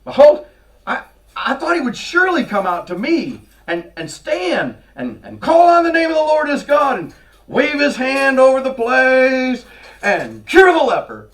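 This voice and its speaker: A man voicing a proud army captain shouting indignantly. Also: extremely high pitch, wildly swooping pitch, measured pace, voice pushed up, full character voice. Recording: voice from far off the mic.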